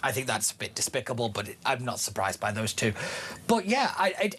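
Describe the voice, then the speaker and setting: A woman's voice: very deep voice, sing-song, fairly quick, a bit bright, husky. A woman co-hosting a studio chat show, speaking frankly and with strong opinions.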